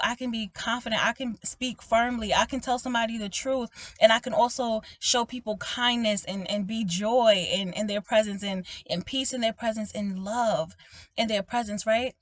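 A woman preaching informally to her online viewers, animated and emphatic, often asking "okay?" and calling them "baby", with frequent laughs. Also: on the high side, no echo. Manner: laughs often, swinging between loud exclaiming and soft talk. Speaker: prophetic minister speaking to online viewers.

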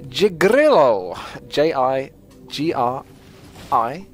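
Young guy casually commentating his game, jokey, laughs a lot, normal-pitched voice. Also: expressive, moderate pace, soft background music. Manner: chatty, joking, laughs often. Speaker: gaming commentator.

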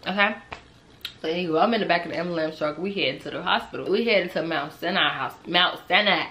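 A young woman telling a personal storytime on her channel in a casual, animated way, laughing, swearing freely and talking straight to her viewers. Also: fairly low pitch, fast, a little hiss or hum. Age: young adult. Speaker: storytime vlogger.

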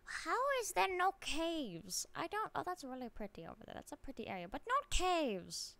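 A woman livestreaming a game, chatting with viewers in an excitable way and often laughing at herself. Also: sits high, normal speed, vocal fry. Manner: chats to viewers while playing. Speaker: streamer. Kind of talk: live game stream chat.

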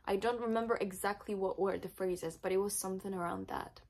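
A woman's voice: medium pitch, steady tone, brisk, gravelly, hardly any pauses, a little mellow. A young woman, not a native English speaker, telling an emotional personal story in her vlog, with many filler words. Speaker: vlogger.

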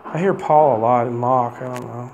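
A man investigating the paranormal, gently coaxing and questioning unseen spirits inside a hotel room. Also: mid-range voice, fairly even intonation, moderate pace, dull audio, slight background noise. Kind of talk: ghost box session, questioning spirits.

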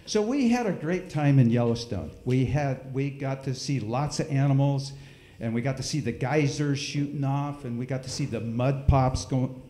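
A middle-aged man telling a folksy, animated story with sound effects during a church service. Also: mid-range voice, moderate pace, echoey room. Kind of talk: storytelling in a sermon. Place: church hall.

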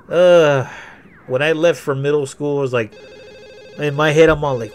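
A man's voice: mid-range voice, fairly even intonation, fairly quick. A man hosting a casual game walkthrough, rambling through personal stories and swearing a lot. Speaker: gaming video host. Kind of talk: casual let's-play storytelling.

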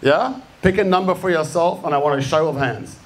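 A man's voice: a little high, brisk. An Australian man giving a live talk to an audience, casual and blunt, swearing freely and quizzing the crowd. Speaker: speaker at a creative talk. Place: event room with a live audience.

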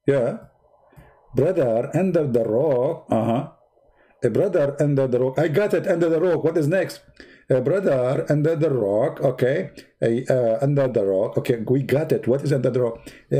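A channel host with a mid-range, dark voice and a breathy edge draws while offering sarcastic commentary, drifting into rambling asides and mocking rhetorical questions.

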